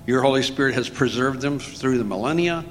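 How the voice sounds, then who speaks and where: A man, the pastor, announcing an offering and leading an earnest prayer with pauses and fillers. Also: fairly bright tone, soft background music. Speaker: pastor introducing the speaker. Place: church. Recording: long hall reverb with faint rumble.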